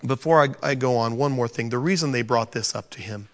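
A man preaching a sermon to a congregation, animated and joking, acting out the scripture quotes. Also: medium pitch, a little fast. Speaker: pastor. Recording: long reverb of a large hall.

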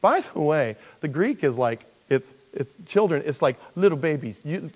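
A male pastor delivering a sermon in a relaxed, talky way, often restarting phrases. He now and then jumps into playful high voices to act out characters. His voice rings out with a long hall reverb. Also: moderate pace. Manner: conversational, with frequent restarts and jokey high-pitched character voices.

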